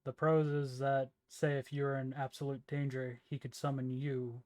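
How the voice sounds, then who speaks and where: A man's voice: mid-range voice, level tone, moderate pace, darkish tone. Man narrating his character's moves. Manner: narrates own character's actions in first person. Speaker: player. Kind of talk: in-character tabletop role-play narration.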